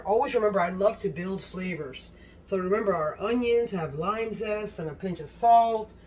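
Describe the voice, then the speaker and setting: A woman hosts a cooking video from her home kitchen, bubbling over with excitement as she chats straight to her viewers. Her voice sits at an ordinary middle pitch and is picked up from a few steps away from the mic. A faint hum of background noise runs underneath. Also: recorded from a distance, rough recording. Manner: gushing and exclamatory, talks straight to viewers. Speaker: cooking channel host. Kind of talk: casual cooking demonstration.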